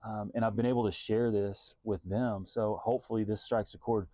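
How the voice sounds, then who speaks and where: A man's voice: on the low side, fairly even intonation, moderate pace, warm tone, dry recording. A man, a Christian singer-songwriter, giving an earnest, reflective devotional talk and thinking aloud as he goes.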